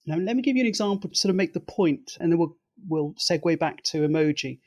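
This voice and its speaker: Expert male guest, methodical lecturing delivery, slightly raised pitch. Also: animated, fast talker, darkish tone. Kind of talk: explanatory interview talk.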